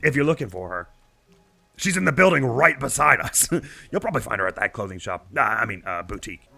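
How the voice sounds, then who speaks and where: A man's voice: medium pitch, expressive, fairly quick, vocal fry, bright, forceful tone, exaggerated voice. A man voicing a cheerful, proud father boasting about his daughter, reading game dialogue in a lifted voice. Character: cheerful middle-aged father, proud, rambling.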